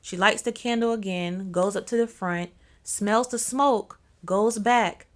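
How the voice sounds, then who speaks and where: A woman's voice: medium pitch, a little slow. Chatty young woman telling a story. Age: young adult. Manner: chatty, slangy asides to viewers. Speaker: storyteller host. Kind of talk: casual storytelling.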